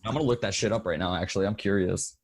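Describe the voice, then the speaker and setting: A man's voice: low-pitched, rapid-fire, breathy edge, no echo. A man in a casual podcast chat who tells stories in a profane, ranting way.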